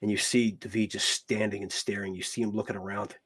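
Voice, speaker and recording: A man's voice: fairly low pitch, little pitch movement, fairly quick, a bit bright, husky. A man running a tabletop game as dungeon master, narrating in a rambling way. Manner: rambling, repeats "you watch" and "literally".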